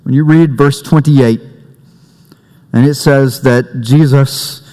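A man delivers a sermon in an unhurried, conversational way. He leans on jokes and family anecdotes. His voice carries a long reverb in a church sanctuary. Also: mid-range voice, fairly even intonation, dark tone. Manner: conversational preaching with humor and family stories. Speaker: pastor.

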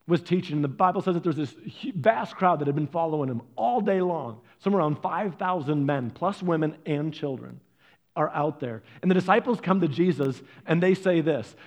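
A man preaching a sermon, telling stories earnestly, swinging from loud stresses to soft, hushed lines. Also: fairly high pitch, lively intonation, fairly quick. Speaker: pastor.

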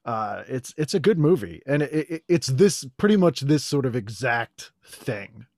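A man in casual podcast conversation, tossing off wry asides in an even middle register. The recording is dry and close. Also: medium pitch, vocal fry, no room sound. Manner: wry, quick asides with frequent laughter. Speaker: podcast co-host. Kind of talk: casual chat.

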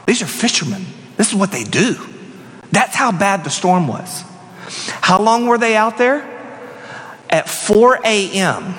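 A man preaching a sermon as a pastor, telling the story dramatically and dropping into hushed emphasis. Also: sits high. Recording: long reverb of a church hall.

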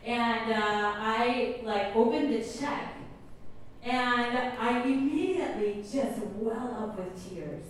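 A woman's voice: on the high side, slow. A woman pastor giving a chatty, enthusiastic sermon with storytelling and prayer at a church service. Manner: enthusiastic and chatty, many fillers. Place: church service in a comedy club venue. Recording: echoey hall from far off, faint noise.

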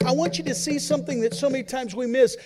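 A man preaching as a pastor, who swings between loud emphasis and quiet, hushed asides and acts out the voices he quotes. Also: extremely high pitch, fairly even intonation, fast talker. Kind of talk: sermon.

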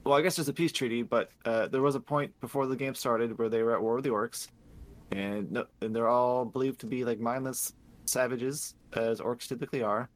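A man on a podcast casually recapping a video game story, rambling and swearing, laughing as he acts out characters in quick paraphrase. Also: mid-range voice, steady tone. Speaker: podcast host.

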